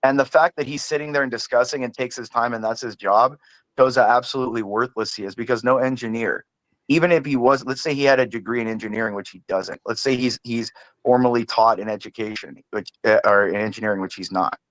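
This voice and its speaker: Man, mid-pitched, furious profane rant, stumbling restarts, dry sound. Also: quick pace, no room sound, low-quality recording. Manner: angry, profane ranting with stammered restarts. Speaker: panelist. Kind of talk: heated livestream panel argument.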